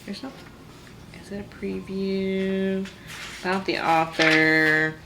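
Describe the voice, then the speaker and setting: A woman's voice: mid-range voice, fairly even intonation, takes it slowly, noisy background. A woman hosting a book vlog, chatting casually to camera with playful, exasperated humor and frequent laughter. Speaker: book vlogger host.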